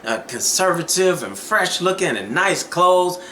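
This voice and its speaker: A man tells stories and preaches dating advice in a casual vlog. His voice is bright and a little high. The room echoes, and there is faint noise behind him. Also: lively intonation, measured pace. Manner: storytelling, preachy, conversational.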